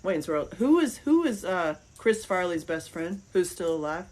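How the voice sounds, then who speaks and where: A middle-aged woman hosting a podcast, chatting casually and telling rambling, animated stories. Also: on the low side, normal speed. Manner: rambling, animated storytelling with laughs. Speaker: podcast host. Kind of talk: casual chat.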